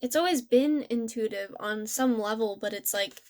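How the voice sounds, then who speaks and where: A young woman talks through a tarot reading in a relaxed, gentle way. She rambles and restarts her sentences often. Her voice sits a little high. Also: moderate pace. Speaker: tarot reader. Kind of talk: casual spiritual reading.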